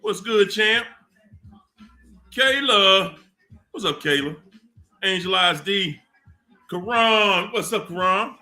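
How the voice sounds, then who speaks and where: A man hosts a casual livestream, greeting viewers one by one in an unhurried, drawn-out way. His voice is bright and sits a little high. Faint music plays underneath. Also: animated. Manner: slow, drawn-out shout-outs with laughs. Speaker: livestream host.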